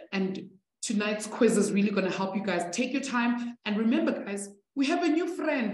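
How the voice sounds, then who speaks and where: A woman's voice: fairly high pitch, darkish tone. A chatty, encouraging woman teaching a live online maths class, laughing easily with her students. Her voice rings with the echo of the room around her. She is from South Africa.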